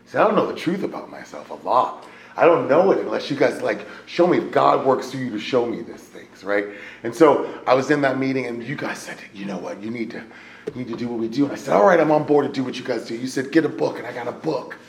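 A fast-talking man from the US, medium in pitch and creaky, recounts his story to a live AA meeting. He chats loosely with plenty of fillers and "right?", his animated voice rising from a hush to loud shouting. The recording carries a roomy echo with faint room noise.

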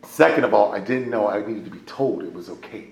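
Speaking at a live recovery meeting, this American AA member tells his own story in a lowish, creaky voice at a slightly quick clip. His delivery is casual and lively, peppered with fillers and "right?", swinging between hushed tones and loud shouts. There's a roomy echo and a faint hum of room noise.

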